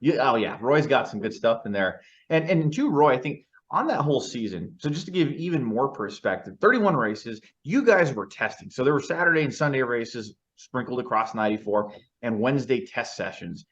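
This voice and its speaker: A man co-hosts a podcast in easy conversation and walks through details before he hands over a question. His pitch is ordinary, and the sound is slightly muffled and lo-fi. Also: very animated, normal speed, few pauses, a bit bright. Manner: detailed, recaps and sets up questions. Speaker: podcast co-host. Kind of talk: casual podcast chat. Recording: slightly dull lo-fi audio.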